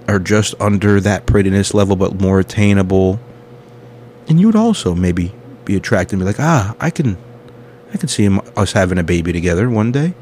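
A man's voice: on the low side, creaky, darkish tone, slight background noise. A man hosting a comedy podcast, rambling through a crude, self-mocking monologue full of tangents. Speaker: podcast host.

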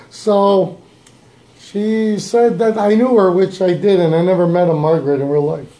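A man's voice: high voice, normal speed, mellow, reverberant. A young man co-hosting a podcast, telling a story in a laid-back casual way and chuckling often. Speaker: podcast co-host. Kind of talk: casual chat.

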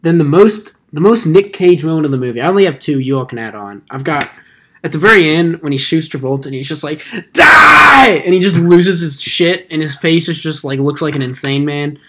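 Young man, podcast host, casual chat, animated, laughing, slightly high pitch. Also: brisk, heavy background noise. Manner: animated, laughing, quoting movie lines in funny voices.

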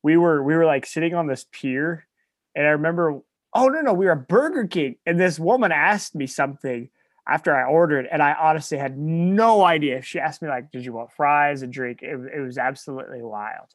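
A man's voice: fairly high pitch, animated, no echo. A man from Nebraska co-hosting a podcast in casual chat, rambling and correcting himself as he goes. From Nebraska, USA. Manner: rambling, self-correcting, quick to laugh. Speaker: podcast co-host.

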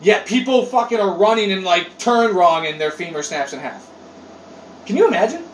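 A man chatting casually on a podcast. He tells rambling stories with lots of swearing and animated outbursts. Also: sits high, moderate pace. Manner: animated, profane, rambling storyteller. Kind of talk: casual chat. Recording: roomy echo, distant mic, faint noise.

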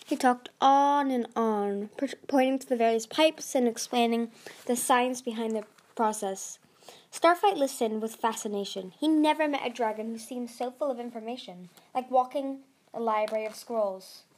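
A woman's voice: a little high, moderate pace, darkish tone. A woman reading a fantasy novel aloud as an amateur narrator, with frequent slips and restarts. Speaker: audiobook reader.

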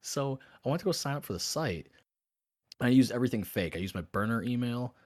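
A man's voice: mid-range voice, fairly quick. A man co-hosting a podcast, telling a story in casual chat, swearing freely and acting out both sides of a conversation. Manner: animated, profane, acts out both sides of chats. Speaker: podcast co-host.

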